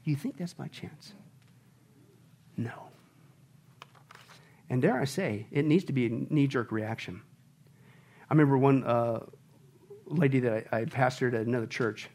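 A man preaching a sermon as pastor, emphatic and full of rhetorical questions, swinging from quiet intimate talk to loud exclaiming. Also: medium pitch, unhurried, long pauses, a little hiss or hum.

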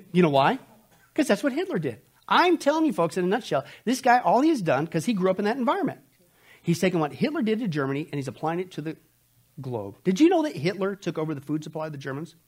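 A man teaching a Bible prophecy study, emphatic and sarcastic, with quick asides. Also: a little high, a little mellow, slightly rough. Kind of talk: sermon-style Bible study lecture.

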